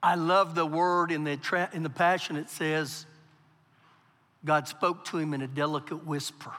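High, bright-voiced preaching man. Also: fairly even intonation, normal speed. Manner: preaching with big swings from quiet to loud. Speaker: pastor. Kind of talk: sermon. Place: church hall. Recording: live church hall with long reverb.

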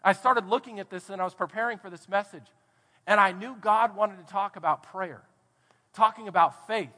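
A man, a pastor from Texas, preaching a sermon with dynamic swings between soft and loud delivery. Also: high voice, moderate pace. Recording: long hall reverb.

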